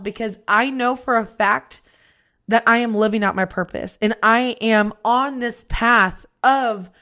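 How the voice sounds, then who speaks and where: A young adult woman hosting a podcast, telling a personal story in a candid, profane, animated way. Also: a little high. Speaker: podcast host.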